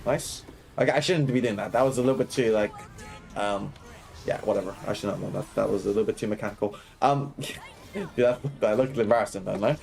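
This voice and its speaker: Fast-talking man coaching a game live. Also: fairly low pitch, vocal fry, darkish tone, soft background music. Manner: quick, explanatory, keeps checking in with "right?" and "okay?"; laughs and banters with chat. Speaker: streamer coaching a video game. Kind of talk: live gameplay commentary.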